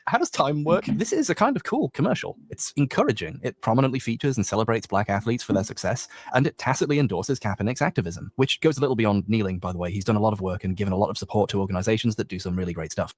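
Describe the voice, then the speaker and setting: Male video essayist, quick and lively, sarcastic, dry close recording. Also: lowish voice, dry recording. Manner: sarcastic, wry asides. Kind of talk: scripted video essay commentary.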